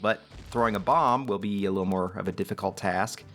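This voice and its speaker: A man's voice: fairly low pitch, a little fast, fairly bright tone, soft background music. A man giving casual, upbeat gameplay commentary as host of a let's play, chatty and self-deprecating.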